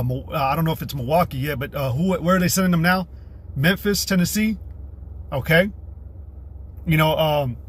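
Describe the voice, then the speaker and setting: A man's voice: a little high, breathy edge. A man from the United States preaching on a livestream, alternating blunt, profane ranting with reading scripture aloud. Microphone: streaming setup.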